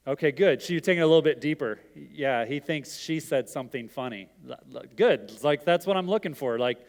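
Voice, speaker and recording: A man's voice: on the high side, expressive, brisk. A middle-aged man giving an interactive sermon, talking casually and asking the audience questions. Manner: conversational, asks the audience questions. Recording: long hall reverb.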